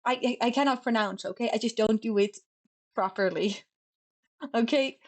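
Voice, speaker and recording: A young woman from Finland with a Finnish accent, chatting casually on stream, talking fast and sloppily and stumbling over her words. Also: on the high side, darkish tone. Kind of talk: casual chat.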